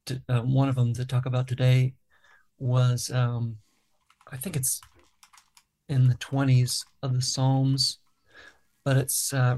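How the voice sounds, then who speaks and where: A man with a gravelly, creaky voice at an ordinary pitch, talking through his songwriting process in a relaxed interview. He explains things thoughtfully and step by step, pausing to find his words. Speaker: songwriter and guest. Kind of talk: casual interview talk.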